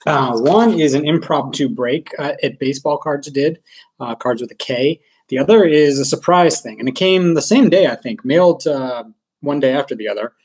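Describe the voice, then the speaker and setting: This live-stream card breaker from Maryland, USA, rambles casually with his viewers, poking fun at himself and filling his talk with ums and uhs. His voice is fairly high and a little mellow, his pace moderate, and the recording quality is low.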